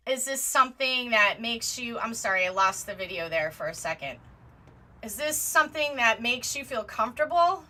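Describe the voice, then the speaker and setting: A woman hosting a live commentary stream from a home setup, animated and exasperated, often apologizing and at times close to yelling. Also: fairly high pitch. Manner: rises to near yelling at times. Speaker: livestream host. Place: home setup with green screen.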